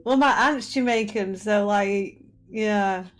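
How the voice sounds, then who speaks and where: A woman's voice: medium pitch, slow pace. Giggly woman co-streamer. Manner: giggly, teasing. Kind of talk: casual game-playing chat.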